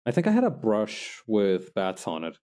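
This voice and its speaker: A young man casually chatting while he makes digital art, self-mocking and quick to laugh. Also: lowish voice, wildly swooping pitch, mellow. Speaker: digital artist streamer. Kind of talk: casual narration while drawing.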